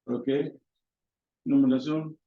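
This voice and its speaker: A man teaching an English class, halting and often repeating his words. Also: medium pitch, steady tone. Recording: echoey classroom, dull lo-fi sound.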